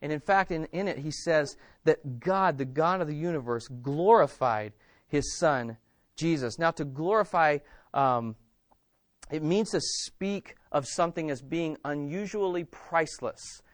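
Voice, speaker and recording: A pastor preaching to his church in a high-pitched male voice. He presses his points hard, repeating and restarting phrases. The sound is dry and close, with no room echo. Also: lively intonation, measured pace. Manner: emphatic, repeating words with frequent restarts. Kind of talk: sermon.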